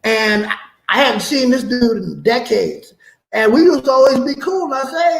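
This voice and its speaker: A comedian guest on a chat show, telling animated and profane stories in a casual way. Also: male voice, extremely high pitch, moderate pace, vocal fry, roomy sound, rough recording. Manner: animated profane storytelling with laughs.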